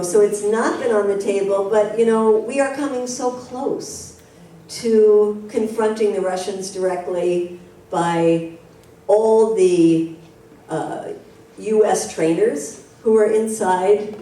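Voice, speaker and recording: A woman's voice: lowish voice, mellow. A woman activist speaking at a public talk and answering questions, telling stories animatedly and acting out the people she quotes. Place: community hall. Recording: distant, very echoey hall with faint hiss.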